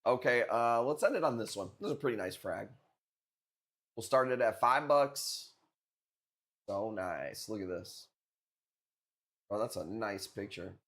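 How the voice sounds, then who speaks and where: A man's voice: on the low side, expressive, measured pace, long pauses, a bit bright. A young man hosting a live stream coral auction, chatting casually and cracking crude jokes with viewers. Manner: joking, rambling, crude banter with chat.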